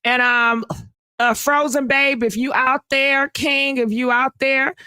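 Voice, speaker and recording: A woman hosting a live gossip stream, sassy and animated, chatting with viewers and answering comments. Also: high voice, slow, clear, resonant tone, no echo. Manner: sassy, animated, calls viewers honey and baby, laughs often. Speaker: host of a live gossip channel. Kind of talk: casual live-stream chat reading comments.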